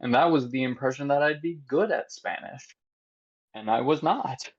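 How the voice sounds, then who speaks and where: A young man co-hosting a podcast in loose, animated conversation, laughing easily. His voice sits at a middling pitch and comes through a slightly dull, lo-fi microphone. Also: moderate pace, breathy edge. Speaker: podcast co-host. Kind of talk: casual chat.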